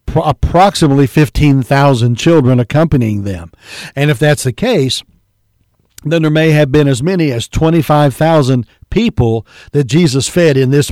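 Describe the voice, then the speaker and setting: A man's voice: a little high, moderate pace, darkish tone, no echo. Earnest preacher man, dry close voice. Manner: earnest preaching, reads scripture in King James wording; addresses listeners as folks and believer. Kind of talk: sermon.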